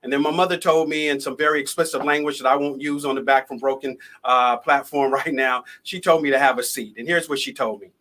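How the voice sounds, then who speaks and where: Over a video call, a man speaking as a motivational speaker shares a personal story live in a lively, conversational way. He talks a little fast at a medium pitch, with hardly any pauses.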